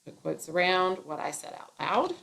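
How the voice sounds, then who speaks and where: A woman's voice: fairly low pitch, sing-song, moderate pace, gravelly, a bit bright. A woman teacher explaining a grammar lesson step by step, with playful asides.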